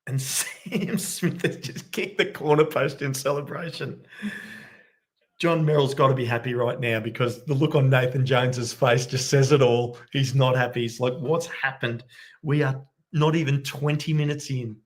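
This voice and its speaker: Fan watchalong host: a man calling the game with quiet excitement at home late at night, medium pitch. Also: moderate pace. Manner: excitable, bursts into loud cheering. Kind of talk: live match commentary for viewers.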